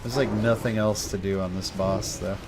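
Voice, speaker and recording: A man's voice: fairly low pitch, fairly even intonation, normal speed, noisy background. A young man streaming a game, chatting casually in a laid-back, rambling way full of slang. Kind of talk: casual gameplay chat.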